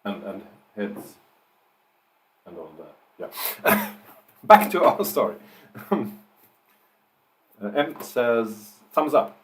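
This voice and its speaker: A man's voice: on the low side, big pitch swings, very slow, pauses often, a bit bright, a little hiss or hum, poor audio. A man on a live writing stream, dictating his story with punctuation spoken aloud and thinking aloud between sentences.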